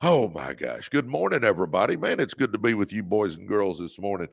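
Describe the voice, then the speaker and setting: A man's voice: on the low side, sing-song, a little fast, vocal fry, slightly rough, no room sound, clean studio sound. A man from Texas hosting a livestream, giving a preachy motivational talk that repeats phrases, calls listeners baby and greets viewers by name. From Texas, United States. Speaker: livestream host and motivational speaker.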